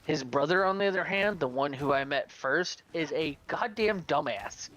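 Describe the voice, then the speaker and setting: A man's voice: a little high, animated, moderate pace, fairly bright tone, low-quality recording. A man telling rambling, profane gaming stories in casual chat as a podcast co-host.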